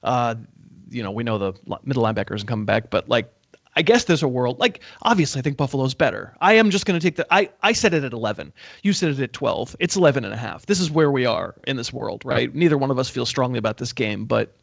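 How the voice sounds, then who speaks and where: A man's voice: mid-range voice, lively intonation, fast talker, vocal fry, dry recording. A man hosting a casual sports betting podcast, rambling with fillers and laughing often. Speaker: podcast host.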